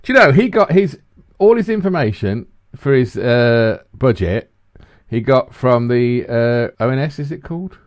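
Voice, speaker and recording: Lively-pitched man in his forties. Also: moderate pace, no room sound. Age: 40s. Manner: stumbling restarts, swings from low grumble to high. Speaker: podcast co-host. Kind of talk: casual banter.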